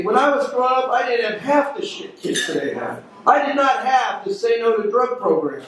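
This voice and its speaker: Brash male stand-up comic, very high voice, echoey club sound from far off. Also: animated, background noise. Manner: brash, crowd-working, rapid punchlines. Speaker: stand-up comedian. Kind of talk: stand-up comedy set. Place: comedy club stage. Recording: echoey club recorded from a distance. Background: audience laughter.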